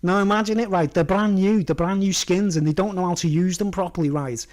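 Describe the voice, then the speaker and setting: Talking briskly in a high-pitched, slightly mellow voice, a man vlogs in a loose, rambling way, his voice slightly raised. He laughs at his own jokes and keeps checking in with "you know what I mean."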